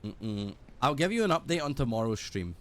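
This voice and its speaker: A British man streaming a game, chatting casually in a rambling, sweary, animated way. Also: mid-range voice, moderate pace. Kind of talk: casual gaming stream chat.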